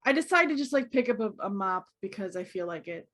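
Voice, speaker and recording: A woman's voice: medium pitch, animated, brisk, fairly bright tone. A woman player in a tabletop game, talking in a playful, giggly way. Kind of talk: casual play at a game table.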